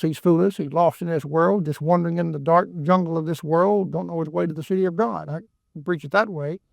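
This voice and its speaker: A man's voice: fairly high pitch, vocal fry, no echo. Man, folksy Bible teacher, rambling asides, dry close sound. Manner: chatty, rambling, repeats words, quick asides. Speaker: preacher.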